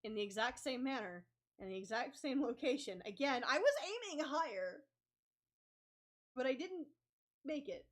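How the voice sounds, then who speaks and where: A woman's voice: sits high, lively intonation, normal speed, long pauses. A young adult woman casually telling a story while drawing, rambling with lots of filler words. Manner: rambling, lots of ums and likes. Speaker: comic artist vlogger.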